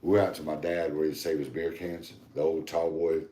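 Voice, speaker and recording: A man co-hosting a podcast, telling a loose, rambling story in a casual, animated and profane way. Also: extremely low pitch, fairly quick. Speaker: podcast co-host. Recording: echoey room.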